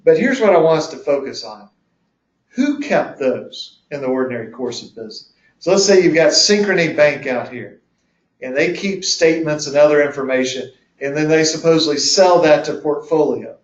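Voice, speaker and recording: A man with a fairly high, lively voice at a moderate pace presents a legal webinar in a folksy, conversational style. He acts out courtroom examples while explaining the rules, and the audio is dull and lo-fi, with an echoey room and distant mic.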